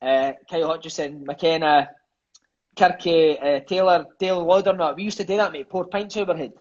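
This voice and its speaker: A Scottish man with a high voice races through stories, swearing and tossing in "mate" at every turn. He talks over a phone on a live call, and the audio comes through dull and lo-fi. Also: a little fast, a little mellow. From Scotland. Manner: swears freely, peppers speech with "mate". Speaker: interview guest. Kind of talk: storytelling in casual chat. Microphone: phone on a live video call.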